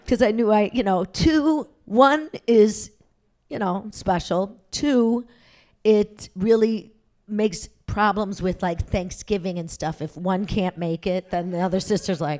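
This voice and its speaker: A woman's voice: mid-range voice, a little slow, a little mellow. A middle-aged woman telling a personal story on stage before a live audience, chatty and self-mocking, laughing as she goes.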